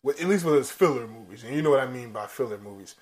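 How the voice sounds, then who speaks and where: A man co-hosting a casual pop-culture podcast, animated and swearing freely as he tells stories. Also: mid-range voice, fast. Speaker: podcast co-host. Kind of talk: casual chat.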